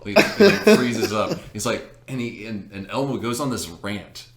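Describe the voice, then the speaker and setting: A young man in casual chat, telling an animated story with laughs and many fillers. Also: fairly low pitch, normal speed, crowd noise. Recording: echoey room.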